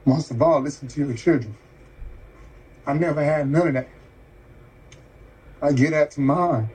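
A man earnestly reading a note aloud, halting and close to tears. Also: a little high, a little mellow, breathy edge, rough recording.

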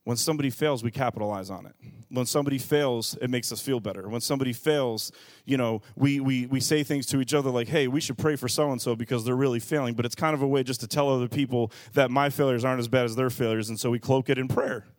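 A man in his thirties preaching a sermon as a pastor, telling family stories with animated swings in loudness. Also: mid-range voice, quick pace, few pauses, no room sound, studio quality. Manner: storytelling, animated with rising shouts.

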